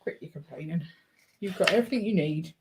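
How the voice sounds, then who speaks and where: A woman with a slightly low voice chats casually as she builds, teasing her partner and laughing often. Faint noise and clicks sit under her voice. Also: lively intonation, quick pace. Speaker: co-host of a live building stream. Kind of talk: casual chat while building.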